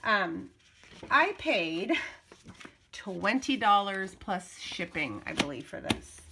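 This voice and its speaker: A woman's voice: mid-range voice, sing-song, takes it slowly, background noise. A woman vlogging at home, chatting casually and rambling as she shows off her finds. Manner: chatty, rambling, self-interrupting. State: slightly out of breath. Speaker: craft vlogger. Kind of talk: casual show-and-tell.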